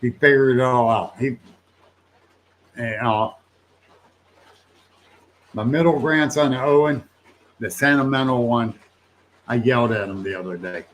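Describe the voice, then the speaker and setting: A man's voice: mid-range voice, unhurried, long pauses, a bit bright. An older man hosting a casual livestream, rambling in a folksy way, laughing often and swearing now and then as he answers viewers. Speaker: livestream host.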